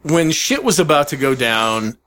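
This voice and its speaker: A man with a fairly high voice swings his pitch widely as he tells a story in casual chat. He is profane and animated, and he acts out the voices of the people he quotes. His pitch leaps up and drops low as he laughs his way through it. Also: measured pace.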